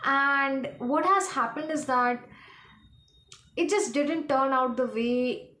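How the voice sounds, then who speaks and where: A woman giving a casual tarot reading, rambling and halting as she hunts for her words. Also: high voice, bright, forceful tone, roomy sound. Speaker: tarot reader.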